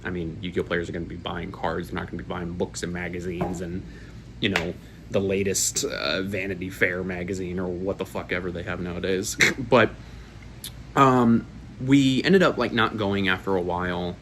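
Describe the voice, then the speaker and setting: Young guy in his twenties, lowish voice, rambling and profane storyteller, faint room noise behind. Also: steady tone, normal speed, fairly bright tone. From Florida, USA. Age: 20s. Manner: profane, rambling, laughs at own stories. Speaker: YouTuber. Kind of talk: casual storytelling to camera.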